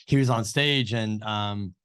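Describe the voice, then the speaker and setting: A man's voice: lowish voice, measured pace, a bit bright, clear, resonant tone. A man co-hosting an interview show, telling a story in a loose, rambling way full of fillers and retold dialogue. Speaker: co-host. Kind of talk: casual interview chat.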